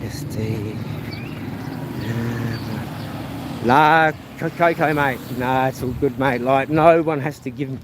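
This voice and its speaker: Kiwi male streamer, mid-pitched, rambling and friendly with viewers, recorded on a phone outdoors with loud ambient noise. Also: slow. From New Zealand. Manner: rambling, chatty, reads viewer comments aloud. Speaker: live streamer. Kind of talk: casual walking live stream. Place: outdoors on a rural path. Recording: outdoor noise with passing vehicles. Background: outdoor ambience, animals, vehicles.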